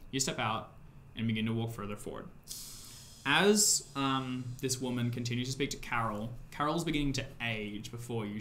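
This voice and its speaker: A man narrating as game master in a tabletop horror game, his pitch in the middle range for a man. He paints each scene at length, padding it with loose fillers, over a faint background hiss. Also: fairly bright tone. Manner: descriptive, loose with fillers like "sort of".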